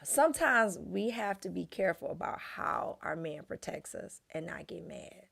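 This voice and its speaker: Woman co-host, gravelly voice, lively storyteller who acts out dialogue, casual faith chat. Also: moderate pace. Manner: animated storytelling, acts out quotes with big pitch jumps. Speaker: podcast co-host.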